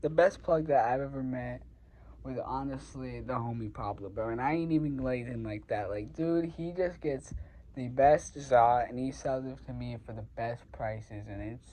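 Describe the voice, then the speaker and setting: A man's voice: mid-range voice, normal speed, dark tone, low-quality recording. A young man casually telling a personal story, rambling with lots of fillers and swearing. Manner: rambling, filler-heavy, profane, gets heated. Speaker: vlogger.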